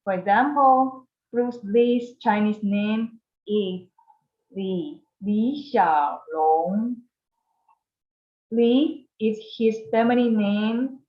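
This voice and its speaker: A woman with a Taiwanese Mandarin accent leads a beginner language lesson, speaking at a very slow, deliberate pace. She models each word carefully so learners can repeat after her. Her voice sounds echoey and a little dull, as if recorded in a bare room. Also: medium pitch. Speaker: Mandarin teacher.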